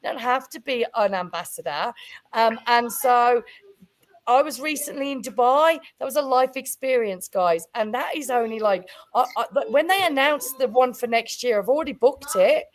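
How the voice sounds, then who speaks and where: A woman from Canada, the guest in a casual chat, talking in an excitable, rambling way with many fillers. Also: fairly high pitch, normal speed. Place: livestream.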